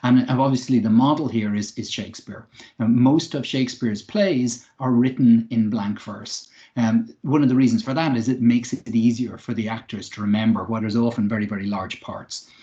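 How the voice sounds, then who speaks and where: A man giving an online English lesson, explaining clearly with occasional fillers. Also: medium pitch, normal speed, dark tone, muffled recording. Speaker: English teacher.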